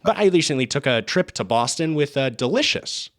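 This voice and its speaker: A man hosts a comedy podcast in a deadpan, mock-formal game-show manner. His voice sits fairly high and swoops around animatedly. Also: fairly quick. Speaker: podcast host.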